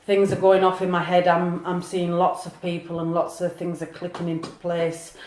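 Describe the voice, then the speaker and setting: A woman's voice: lowish voice, monotone, normal speed, darkish tone, echoey room. A woman doing a live-streamed psychic reading, earnest and emotional, talking to viewers by name. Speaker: psychic medium.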